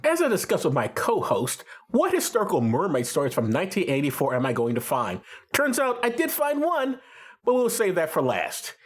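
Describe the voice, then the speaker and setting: Male podcast co-host, husky, very animated, incredulous and dry. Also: high-pitched, moderate pace. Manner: incredulous straight man, reads out articles. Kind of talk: comedic movie podcast chat.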